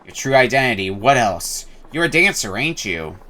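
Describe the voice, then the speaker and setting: A man voicing an excitable young male street dancer who talks in hyped slang. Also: mid-range voice, moderate pace. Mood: excited.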